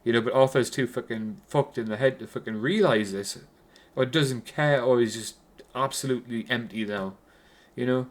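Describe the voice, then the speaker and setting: A man's voice: mid-range voice, moderate pace, hardly any pauses. A man with a Geordie accent giving a casual, rambling film review, swearing constantly and restarting his sentences.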